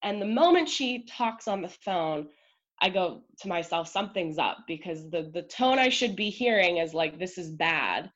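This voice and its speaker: A woman guest on a podcast, telling a personal story in an emotional, chatty way full of "like" and quick asides. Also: lowish voice, lively intonation, lo-fi sound.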